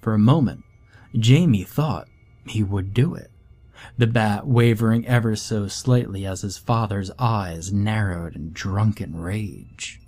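A man reading a horror story aloud in a grave, measured way. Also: lowish voice, darkish tone. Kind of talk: scripted horror story narration.

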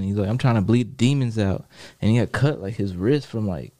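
A man casually telling stories from prison in a relaxed, profane way, laughing often and filling his talk with "like" and "you know what I mean". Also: lowish voice, brisk, few pauses, dry recording, studio quality. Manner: laid-back, profane, laughs often, many fillers. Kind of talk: casual storytelling chat.

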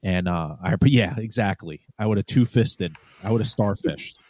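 A man's voice: lowish voice, normal speed, a little mellow, slight background noise. A man, a former police sergeant, telling his story in a casual interview, blunt and profane, often restarting his sentences. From New York. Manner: blunt, profane, heated retelling with many restarts.

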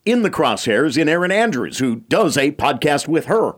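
Wisecracking sports radio co-host. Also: male voice, a little high, very animated, normal speed. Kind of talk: casual sports talk.

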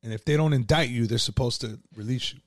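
A man's voice: medium pitch, quick pace, no echo, clean studio sound. A man telling his own story in a casual, profane, streetwise way, full of "like" and "you know".

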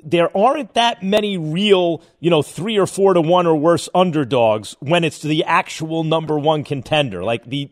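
A man hosting a sports radio show, interviewing a guest and thinking out loud with restarts as he probes. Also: a little high. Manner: probing, thinks aloud with restarts.

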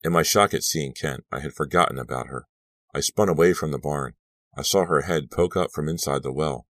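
A man narrating a horror audiobook in a measured, tense reading. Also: rumbling low, fairly bright tone, no echo, studio quality.

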